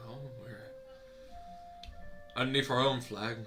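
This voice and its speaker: A man's voice: mid-range voice, fairly even intonation, takes it slowly, music in the background. A man playing a ship's captain in a tabletop game, speaking plainly. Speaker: player. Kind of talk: tabletop role-play.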